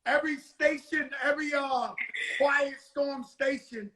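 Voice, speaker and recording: A man's voice: extremely high pitch, fairly even intonation, unhurried, pushed and bright, reverberant, slight background noise. Tipsy, joking man hosting over video call. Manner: loose, joking, profane street talk. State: tipsy from drinking. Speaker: host. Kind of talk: casual interview chat.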